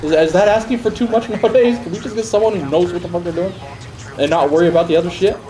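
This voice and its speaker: A man's voice: sits high, quick pace, mellow. Heated, foul-mouthed male streamer rant. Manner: profane, heated ranting with mocking impressions. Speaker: live streamer. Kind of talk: casual livestream rant.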